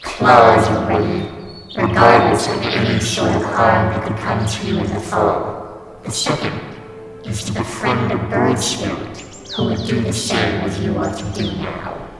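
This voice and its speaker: A man's voice: on the low side, level tone. A man voicing a solemn echoing unicorn spirit. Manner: slow, grave, commanding. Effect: heavy reverb echo. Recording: echoey hall reverb over loud music. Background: loud music.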